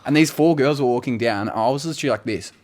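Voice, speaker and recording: A young man co-hosting a casual couch podcast, telling animated stories, swearing freely and slipping into silly voices. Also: medium pitch, quick pace. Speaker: podcast co-host. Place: living room couch, dog nearby.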